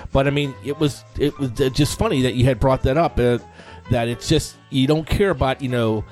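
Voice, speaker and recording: A man chatting casually as a podcast co-host, halting and hesitant with many fillers. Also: mid-range voice, steady tone, a little mellow, faint music behind. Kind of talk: casual chat.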